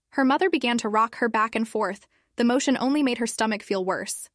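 A woman reading a fan fiction story aloud in an expressive narrating voice. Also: a little high, a little fast, few pauses, no room sound, studio quality.

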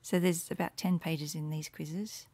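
Low-voiced woman casually walking through lessons. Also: steady tone, a little slow, no echo. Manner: casual and rambling, with many fillers and soft murmured asides. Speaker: Latin teacher making resources. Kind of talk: screen walkthrough tutorial.

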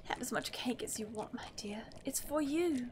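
A woman voicing a sinister, coaxing mother in a horror game, in a breathy, low whisper. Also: moderate pace, slight background noise, close to an everyday voice. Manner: sweet, coaxing, menacing.

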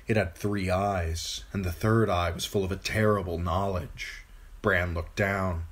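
A man reading a fantasy novel aloud as an amateur narrator, with expressive, dramatic storytelling. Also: sits low, unhurried. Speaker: hobby audiobook reader.

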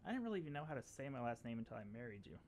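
A man co-hosting a casual chat, making quick, joking remarks. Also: medium pitch, big pitch swings, a little mellow, a little hiss or hum. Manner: quick, jokey, gravelly. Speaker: podcast co-host.

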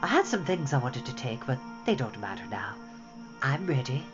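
A storytime reader voicing a bitter, weary middle-aged woman who cries out and scolds, raising the pitch high. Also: sing-song, moderate pace, natural voice. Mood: tart. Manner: shrill, tearful, scolding. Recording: dull lo-fi with faint music.

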